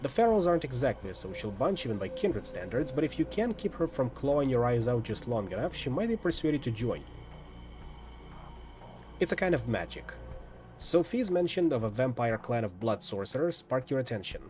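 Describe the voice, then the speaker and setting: A man streaming a visual novel, reading the story aloud with lively, lightly dramatic narration and casual asides. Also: medium pitch, fairly quick, soft background music.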